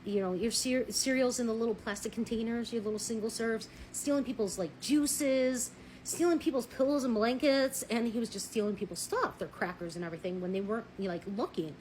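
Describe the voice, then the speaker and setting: A woman telling a personal story in a blunt, animated way, swearing freely and acting out what people said. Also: on the high side, fairly quick, a little hiss or hum, poor audio. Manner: married. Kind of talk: casual storytelling.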